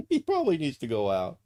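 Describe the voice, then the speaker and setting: A man's voice: medium pitch, mellow. A man streaming casually, cooing to his dog in baby talk and swearing freely when he rants. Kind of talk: casual live-stream chat.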